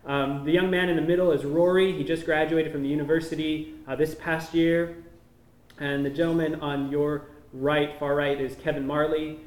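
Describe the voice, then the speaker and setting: A missionary man giving an informal slideshow talk, explaining each photo in a relaxed, conversational way. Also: fairly high pitch, moderate pace. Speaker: missionary presenting to a church. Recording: echoey room.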